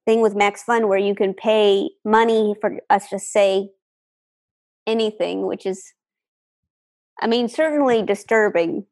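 A woman's voice: mid-range voice, measured pace, pauses often, darkish tone. A woman co-hosting a comedy podcast over a video call, keeping the chat moving and reading an ad. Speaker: podcast co-host. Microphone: remote call microphone.

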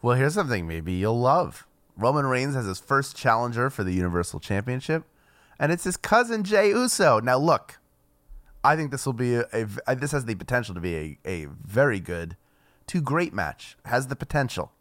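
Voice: mid-range voice, very animated, moderate pace, fairly bright tone. A wrestling podcast co-host who talks in a mid-range voice with dry humor. The sound is close and dry, with no room echo. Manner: dry, joking, hosts the segments. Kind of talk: casual wrestling chat.

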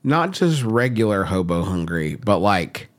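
A man's voice: low voice, big pitch swings, measured pace. A man co-hosting a podcast in casual chat, tossing in dry wisecracks. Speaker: podcast co-host.

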